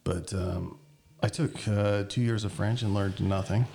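A man's voice: on the low side, steady tone, a little slow, creaky, warm tone, slight background noise. A man co-hosting a podcast, chatting playfully and teasing the guest. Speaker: podcast co-host. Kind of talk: casual chat.

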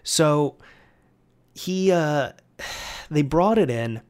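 A man's voice: fairly high pitch, animated, extremely slow, darkish tone, clean tone. A young man telling a casual, rambling story in a conversational storytime monologue. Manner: rambling, conversational with fillers and restarts.

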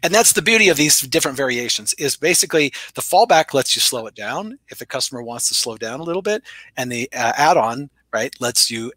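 Fast-talking guy teaching sales, bright energetic voice, acts out both sides of the convo, dry close sound. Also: mid-range voice, no room sound. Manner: animated storyteller, playful voice shifts for quoted lines. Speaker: sales trainer. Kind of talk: conversational teaching with acted-out dialogue.

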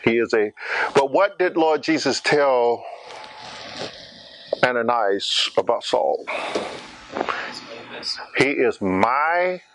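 A man's voice: mid-range voice, expressive, slow, pauses often, a bit bright, a little hiss or hum. A man preaching a sermon, questioning the congregation and acting out scripture scenes.

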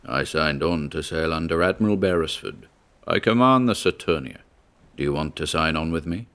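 A man voicing a deep-voiced ghostly old sea captain who speaks slowly, solemnly and with stern sympathy. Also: fairly bright tone.

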